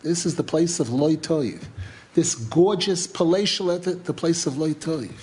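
A man voicing a young captive princess in a spoken storytelling lesson, dropping lower and softer than his own voice. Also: unhurried, slightly rough. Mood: earnest. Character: captive lost princess, young woman, earnest and grave.

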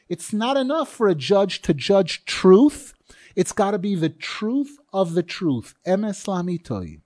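A man's voice: high voice, dark tone, no room sound. A man teaching a Torah class in an earnest, emphatic way, stressing key phrases by repeating them.

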